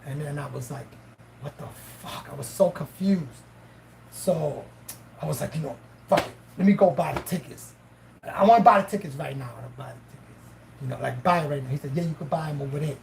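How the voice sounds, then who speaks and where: A woman's voice: sits low, brisk, vocal fry, a little hiss or hum, poor audio. A woman host casually telling a story on a live stream, swearing freely and acting out both sides of the dialogue. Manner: profane, animated, acts out both sides of dialogue.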